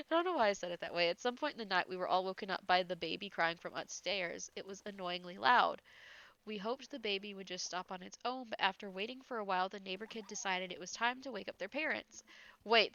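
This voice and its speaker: A woman's voice: medium pitch, a little fast, a bit bright, dry recording, highs cut off. Giggly woman reading ghost stories aloud. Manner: breaks off into giggles and incredulous asides. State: slightly congested.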